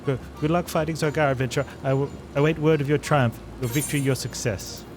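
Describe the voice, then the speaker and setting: A man voicing a nervous little kobold creature that repeats every phrase with three synonyms, reading game dialogue over loud game music. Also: medium pitch, steady tone, quick pace, lightly acted. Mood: pleading.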